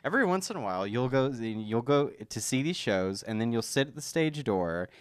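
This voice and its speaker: Male co-host, mid pitch, enthusiastic casual chatter, dry recording. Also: lively intonation, moderate pace, smooth, no echo. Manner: enthusiastic, sweary, restarts sentences. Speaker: podcast co-host. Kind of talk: casual chat.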